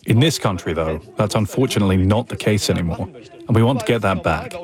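A man giving a voice-over translation in a flat, steady way. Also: on the low side, fast talker, over music. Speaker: interpreter voice-over.

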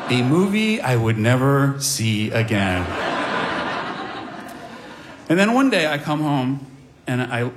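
A man's voice: medium pitch, noisy background. A middle-aged man telling a comic personal story on stage to a live audience, with wry, self-deprecating asides.

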